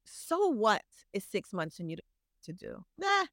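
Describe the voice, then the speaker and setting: A woman's voice: mid-range voice, very animated, moderate pace, fairly bright tone, no echo, clean studio sound. A woman speaking as a podcast guest in casual conversation, earnest and motivational in how she encourages.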